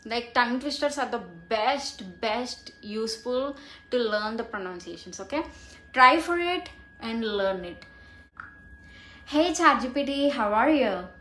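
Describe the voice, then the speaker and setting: A woman vlogger talking casually and practicing pronunciation slowly and deliberately. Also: a little high, animated, pushed and bright. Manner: slow, careful and deliberate while practicing. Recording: echoey room with faint noise.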